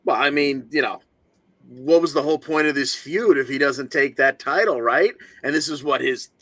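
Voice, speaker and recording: A man co-hosting over a video call, with a bright, forward voice recorded close and dry. He recaps matches casually, rambling through them with fillers. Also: mid-range voice, moderate pace, no echo. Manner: relaxed, rambling play-by-play with fillers. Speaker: podcast co-host.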